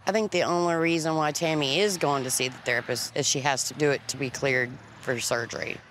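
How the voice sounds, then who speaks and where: A woman's voice: deep voice, fairly even intonation, a little fast, fairly bright tone, a little hiss or hum. A woman speaking matter-of-factly in a reality TV interview.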